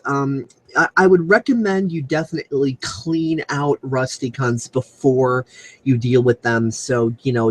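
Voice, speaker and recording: A young man talking alone into his computer mic on a live stream, goofy and crude, with a voice that swings up and down a lot. He rambles with plenty of ums and breaks into loud comic squeals now and then. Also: mid-range voice, husky, rough recording. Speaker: comedy show host. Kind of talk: solo comedic commentary over screen share. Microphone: computer mic on a video call.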